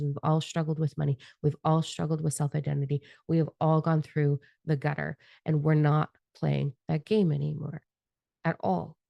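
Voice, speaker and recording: Low, gravelly, fervent spiritual woman. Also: warm tone, dry recording, highs cut off. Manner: fervent, profane and rambling, admits getting carried away. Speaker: spiritual channeler giving a monthly energy forecast. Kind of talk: passionate unscripted monologue with tarot cards.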